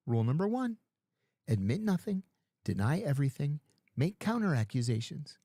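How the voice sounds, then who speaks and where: A man's voice: on the high side, big pitch swings, moderate pace, pauses often, warm tone, dry recording, studio quality. A middle-aged man telling stories in casual talk, acting out other people's lines as he goes. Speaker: podcast guest. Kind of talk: casual storytelling.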